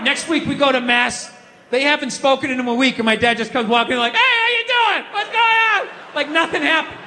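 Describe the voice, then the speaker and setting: A middle-aged man performing a loud stand-up comedy rant on stage, often shouting. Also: extremely high pitch, slight background noise. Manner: loud ranting delivery with frequent shouting. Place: theater stage before a live audience. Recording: stage mic with long hall reverb.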